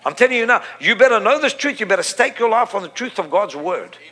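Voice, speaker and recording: A man's voice: high-pitched, lively intonation, fast, a bit bright. A middle-aged man preaching a sermon, impassioned and repetitive, building to emphatic peaks.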